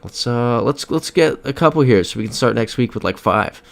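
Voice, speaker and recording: A man's voice: mid-range voice, expressive, normal speed, creaky. A young American man streaming a geography game, chatting casually, muttering guesses and reading viewer comments aloud. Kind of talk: casual live-stream chat while playing a geography game.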